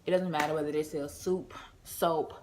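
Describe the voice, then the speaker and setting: A woman's voice: sits low, fairly even intonation, normal speed, a little mellow, slight background noise. A woman from the United States telling a casual storytime vlog, chatty and full of fillers, talking straight to her viewers as y'all. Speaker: vlogger.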